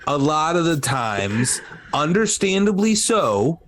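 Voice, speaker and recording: A man's voice: on the high side, sing-song, slow, fairly bright tone, a little hiss or hum. Blunt, rambling male podcast host. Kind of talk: casual chat.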